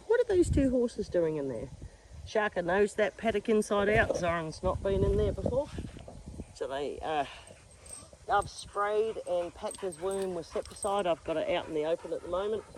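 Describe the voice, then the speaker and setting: Filming herself on a phone as she does outdoor farm work, this middle-aged farm vlogger chats plainly in an Australian accent. Her low, slightly mellow voice comes through poor audio with some hiss or hum.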